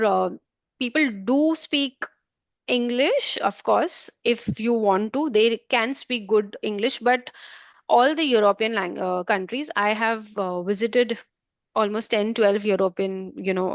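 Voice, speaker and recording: An Indian woman with an Indian accent talks through interview answers, rambling with many fillers and restarts. Her voice sits at a middle pitch, recorded dry and a little dull. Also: vocal fry, dry recording. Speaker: guest, German language trainer.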